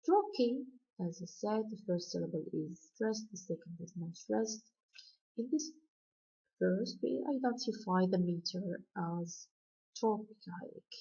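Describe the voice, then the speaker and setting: A woman lecturer explaining poetic meter in a slow, deliberate way, chanting out stress patterns. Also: medium pitch, animated, warm tone, breathy edge. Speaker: university lecturer. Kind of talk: recorded poetry lecture. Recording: dull lo-fi recording.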